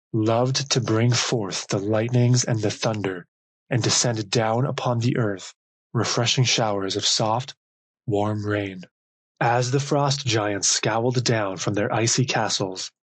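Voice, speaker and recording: A man reads an audiobook of legends in slow, measured phrases. His voice is lowish and husky, recorded dry and close. The pace is unhurried and deliberate throughout. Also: no echo, low-quality recording. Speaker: audiobook narrator. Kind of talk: scripted storybook narration.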